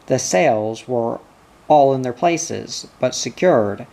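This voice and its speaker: Slow, measured male audiobook narrator. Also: mid-range voice, expressive, vocal fry, warm tone.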